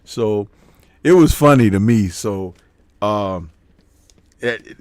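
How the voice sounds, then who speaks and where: A man's voice: lowish voice, animated, slow, a little mellow, dry recording, studio quality. A man hosting a boxing show, giving casual post-fight commentary and reading out live chat, rambling and chuckling at his own jokes.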